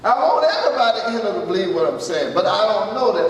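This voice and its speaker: A man's voice: high-pitched, animated, fairly quick, slight background noise. A man preaching a folksy sermon and asking his congregation questions. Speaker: pastor. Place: church hall. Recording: echoey church hall from far off.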